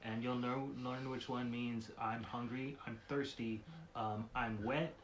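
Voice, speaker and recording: A man's voice: medium pitch, little pitch movement, a little slow, slight background noise, rough recording. Blunt, joking man co-hosting. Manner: blunt, joking, swears casually. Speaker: podcast co-host. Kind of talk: casual chat.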